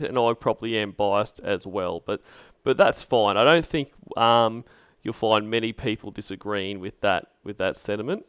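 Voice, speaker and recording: Low-voiced laid-back man. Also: fairly bright tone, smooth, no echo, muffled recording. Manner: laid-back, greeting viewers by name with many ums. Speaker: livestream host. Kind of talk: casual stream chat.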